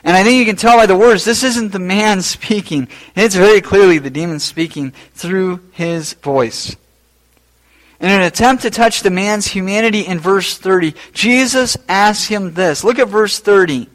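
A man preaching a sermon as pastor, rising to loud emphatic peaks and then dropping low and quiet. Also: moderate pace, low-quality recording.

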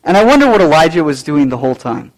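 A male pastor preaching a sermon, swinging between loud, raised lines and low, quiet asides. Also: sing-song, fast, low-quality recording.

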